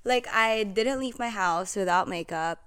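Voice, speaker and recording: A woman's voice: medium pitch, measured pace, a bit bright, clean tone. A young woman from the Philippines with a light Filipino accent, a podcast guest who tells personal stories in a chatty, candid way and laughs often. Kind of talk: casual storytelling chat.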